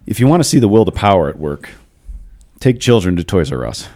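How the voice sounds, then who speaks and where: A man in his thirties hosting a podcast, discussing philosophy in a casual, animated way and telling stories. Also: low voice, fairly quick. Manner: storytelling, animated, laughs often. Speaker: podcast host.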